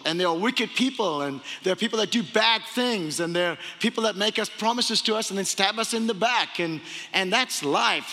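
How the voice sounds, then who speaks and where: High, bright-voiced male pastor preaching. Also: big-room sound. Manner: animated, acts out quoted voices. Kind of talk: sermon.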